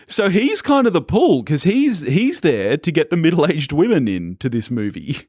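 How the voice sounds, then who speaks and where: An Australian man co-hosting a film podcast, chatty and quick to laugh in casual banter. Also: on the high side, slightly rough, no room sound, studio quality. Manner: chatty, laughs often, animated. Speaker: podcast co-host. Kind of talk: casual film-review chat.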